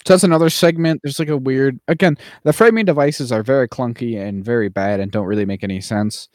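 A man's voice: mid-range voice, fairly quick, darkish tone. A man co-hosting a podcast in loose, casual chat, wandering through his points with plenty of fillers. He drops into silly mock voices along the way. The sound is dry and close, with no room echo. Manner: rambling, with many fillers and playful mock voices. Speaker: podcast co-host.

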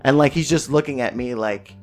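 A man's voice: medium pitch, brisk. Young guy on a podcast, swears a ton, acts out his mom and brother, light music under it. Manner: animated, swears a lot, acts out family quotes. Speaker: podcast co-host. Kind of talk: casual chat, storytelling.

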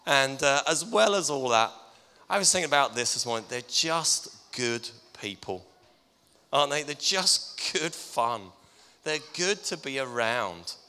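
A man's voice: medium pitch, lively intonation, measured pace, clear, resonant tone. A middle-aged man, a pastor giving a teasing, conversational farewell tribute in a church. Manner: warm-hearted, teasing, conversational preaching. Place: church hall, indoors. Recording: long reverb in a church hall.

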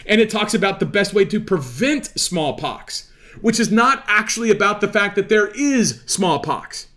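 Guy explaining law, pitch jumping all over, keeps asking rhetorical questions, kinda preachy. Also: expressive, normal speed, sharp tone. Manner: emphatic, asks rhetorical questions; preachy, lecturing. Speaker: legal commentator.

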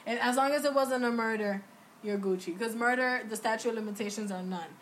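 A woman on a podcast who explains things plainly and calmly in casual talk. There is clear noise on her track. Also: on the high side, brisk. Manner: matter-of-fact, explains things. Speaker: podcast co-host. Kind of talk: casual chat.

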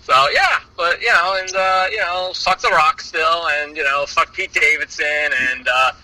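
High bright-voiced man ranting profanely. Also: normal speed, a little hiss or hum, rough recording. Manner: profane, ranting, laughs a lot. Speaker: podcast guest. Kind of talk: casual podcast chat.

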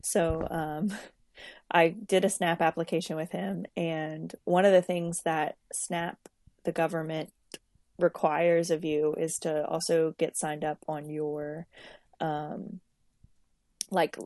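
Young woman, low voice, dry close sound, rambling podcast storyteller. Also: little pitch movement, slow, a little mellow, no echo. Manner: storytelling with many fillers and restarts. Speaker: podcast co-host, social worker. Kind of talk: casual podcast chat.

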